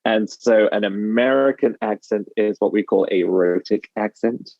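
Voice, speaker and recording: A man's voice: on the low side, normal speed, mellow, dry recording. A British man, a dialect coach, explaining his work in conversation and acting out quoted phrases. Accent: British English. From United Kingdom. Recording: slightly dull lo-fi sound.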